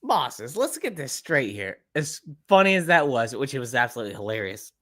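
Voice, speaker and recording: A man's voice: medium pitch, a little fast. A man hosting a podcast who rants in a casual, profane way while reacting to a clip. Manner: ranting, profane, animated. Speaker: podcast host.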